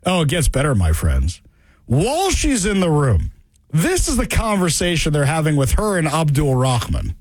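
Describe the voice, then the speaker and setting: A man's voice: on the high side, wildly swooping pitch, moderate pace, slightly rough, no echo. A man hosting a political talk radio show, sarcastic and mocking in his commentary.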